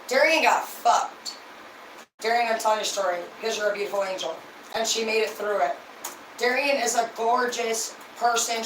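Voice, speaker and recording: A woman's voice: mid-range voice, a little hiss or hum. Tipsy woman rambling on a livestream. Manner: rambling, profane and gushing. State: tipsy from drinking. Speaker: livestream host. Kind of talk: casual livestream chat. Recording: roomy, distant mic, faint ambience.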